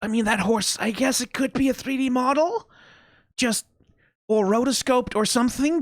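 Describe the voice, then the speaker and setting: A man's voice: very high voice, moderate pace, dry recording, clean studio sound. A man hosting an anime reaction, rambling in casual, profane commentary with many restarts and bursts of mock anger. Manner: animated, profane rambling with frequent restarts and laughs.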